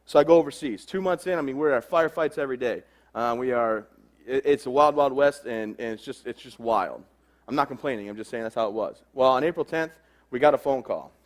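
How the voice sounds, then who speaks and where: A man in his thirties speaking at a fast clip, his pitch sitting in a middle register. He tells his own story to a crowd frankly and plainly, with quick asides. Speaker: army veteran speaker. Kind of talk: personal testimony talk.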